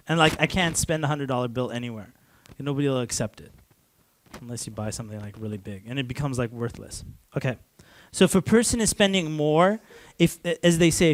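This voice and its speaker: A man's voice: medium pitch, a little fast, a little hiss or hum. A man from Canada giving a casual lecture to a class, talking loosely with lots of "like" and restarts and chuckling often.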